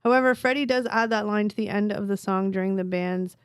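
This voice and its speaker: A middle-aged woman hosting a casual podcast chat, reading items aloud and reacting with animated exclamations. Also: medium pitch, a little fast, clear, resonant tone, no room sound, clean studio sound. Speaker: podcast host. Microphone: recorded on phones.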